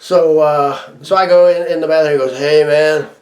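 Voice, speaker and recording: A man recounts a personal story in a loose, chatty way. His voice sits a little high for a man. He laughs often and trips over his own sentences. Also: fairly even intonation, a little fast. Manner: chatty, laughs often, frequent restarts and fillers. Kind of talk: casual anecdote.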